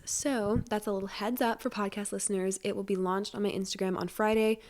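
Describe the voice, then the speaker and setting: A young woman in her twenties hosting a casual solo podcast from home, talking quickly in a rambling, self-deprecating way, with a stuffy nose. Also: mid-range voice, fairly even intonation, warm tone. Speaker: podcast host.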